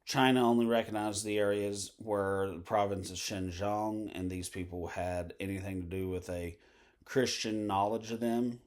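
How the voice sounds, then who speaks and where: Man, lowish voice, rambling vlog monologue, lots of fillers and tangents. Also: a little mellow. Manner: meandering, full of fillers and asides. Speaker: vlogger.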